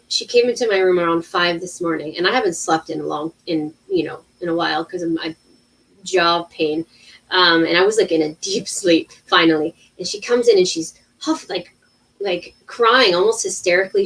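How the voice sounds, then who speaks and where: A woman in her thirties, an intuitive healer talking casually on a livestream, animated, with many restarts. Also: lowish voice, moderate pace, gravelly, distant mic, rough recording. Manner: animated storytelling with acted-out quotes and many restarts.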